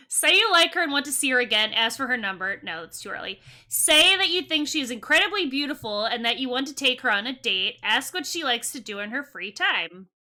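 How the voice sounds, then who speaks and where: Woman streamer, high pitch, very bright sharp tone, sarcastic live commentary, reads chat aloud. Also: lively intonation, normal speed. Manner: sarcastic, reading game options and chat aloud.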